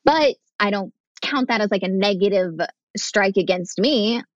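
A woman's voice: medium pitch, measured pace, dry recording. Candid young woman, dull dry audio. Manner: animated, acts out quoted voices, frank and profane. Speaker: podcast guest. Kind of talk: candid conversational storytelling.

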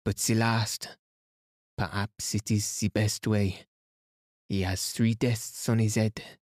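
A man reading aloud as a fastidious elderly detective, speaking gently and gravely. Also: on the low side, little pitch movement, no echo, studio quality. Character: fastidious elderly male detective, calm and placid.

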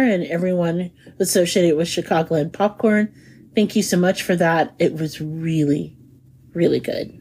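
Husky-voiced woman hosting a food podcast. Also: mid-range voice, darkish tone. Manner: enthusiastic, laughs often, savoring descriptions. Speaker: podcast host. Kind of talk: casual food podcast chat.

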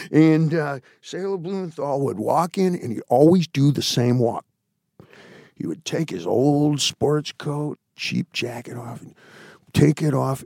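Gravelly man in his sixties telling stories. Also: mid-range voice, dry recording, studio quality. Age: 60s. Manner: animated raconteur, swings between loud and hushed; blunt, swears freely. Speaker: interview guest. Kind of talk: candid storytelling interview.

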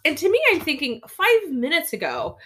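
Lively bright woman co-host. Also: sits high, moderate pace. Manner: responsive, affirming, animated. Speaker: podcast co-host. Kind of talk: casual chat.

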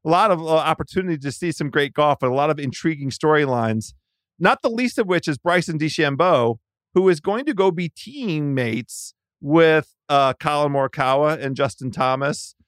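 A man's voice: on the high side, lively intonation, moderate pace, no room sound, studio quality. A man as a podcast guest in casual sports chat, rambling and restarting his sentences often. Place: Washington DC.

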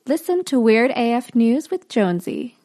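A man singing a high, slow podcast jingle over faint music. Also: very animated, dark tone, no room sound, studio quality. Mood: sing-song.

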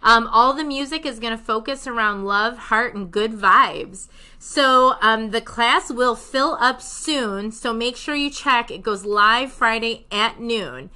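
A chatty woman co-hosting a casual podcast, her voice pitched a little high and bright. She talks in an upbeat, easygoing way, with plenty of fillers. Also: slow pace, clear, resonant tone. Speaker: podcast co-host.

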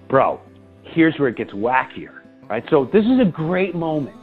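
A man with a slightly raised, husky voice tells a story to a friend, acting out every exchange. His pitch rises and swoops widely. The sound is thin and tinny, like a phone line. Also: normal speed, soft background music. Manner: excited, breathless retelling with quoted dialogue. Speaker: podcast host. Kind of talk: animated storytelling.

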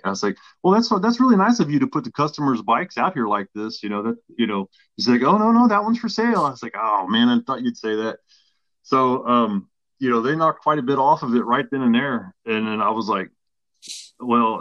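Man, podcast guest, low voice, rambling casual storyteller, dull dry lo-fi recording. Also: a bit bright, dry recording. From Texas. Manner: rambling, with many restarts and acted-out quotes.

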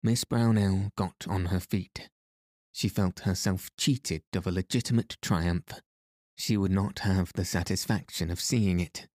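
A man narrating a novel as an audiobook in a measured, even reading voice. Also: low voice, no echo, clean studio sound. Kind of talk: scripted narration.

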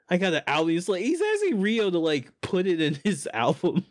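A man's voice: sits high, sing-song, normal speed. A man co-hosting a podcast in casual chat, laughing often and swearing as he acts out characters. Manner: laughing, swearing, acting out manga characters in silly voices. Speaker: podcast co-host.

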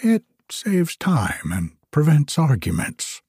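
A man voicing a talkative, self-satisfied little pond frog in a storybook, prattling on in a breathy, often whispery voice. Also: a little high, huge pitch swings, slow, a little mellow, no room sound, studio quality, pitched above the performer's own voice, heavily acted. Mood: chatty. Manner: gushing, prattling, complacent.

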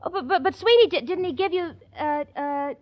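A woman's voice: extremely high pitch, brisk. An actress playing a fussy, flustered young woman friend in a 1940s radio sitcom, stammering and fluttery. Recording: dull lo-fi old radio broadcast.

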